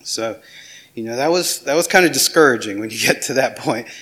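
A man's voice: mid-range voice, lively intonation, a little fast, a bit bright. A middle-aged man with a Southern US accent, giving a casual, self-deprecating sermon as a pastor. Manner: casual, self-deprecating, with small laughs and restarts.

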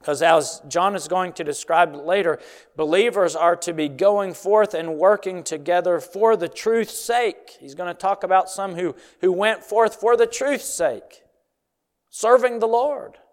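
A man preaching an expository sermon in an earnest, emphatic way, slowing down on key phrases. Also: high-pitched. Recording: long hall reverb.

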